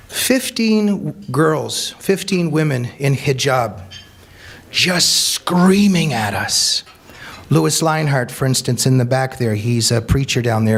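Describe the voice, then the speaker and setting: A man giving an earnest, emphatic talk about his book to a seated audience, repeating key phrases for weight. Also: mid-range voice. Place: meeting room with an audience.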